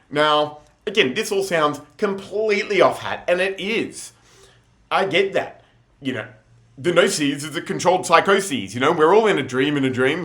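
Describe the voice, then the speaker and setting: Young man, casual vlog storytelling, laughs a lot, bright voice. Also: a little high. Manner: rambling, laughing often, slangy. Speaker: vlogger.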